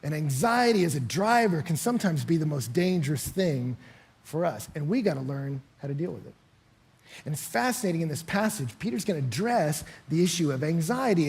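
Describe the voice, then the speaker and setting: A man preaching as a pastor, with a fairly high voice that has a husky, breathy edge. He tells his story with animation and acts out the moments as he speaks. His delivery is lively and expressive. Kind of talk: sermon.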